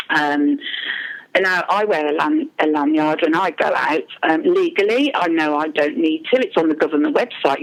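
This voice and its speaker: A woman's voice: sits low, rough recording. A mother speaking as an interview guest, telling her account hesitantly with frequent ums and restarts. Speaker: parent speaking anonymously as a guest.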